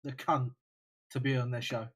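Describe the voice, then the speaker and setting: A man co-hosting a casual gaming podcast, crude and swearing a lot, with loud mock outbursts. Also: mid-range voice, flat delivery, moderate pace, slightly rough. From United Kingdom.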